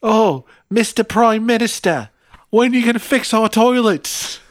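A man's voice: high voice, a little slow, pitched above the performer's own voice. A man hamming up a cheery guy. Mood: whiny. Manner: hammy, joking. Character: cheery Australian diner regular, man.

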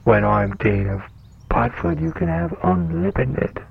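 A man doing a gravelly troll on a phone. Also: medium pitch, expressive, measured pace. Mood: offhand. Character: sneaky male troll roommate, casual and greedy. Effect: phone speaker. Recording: muffled phone-speaker sound with faint noise.

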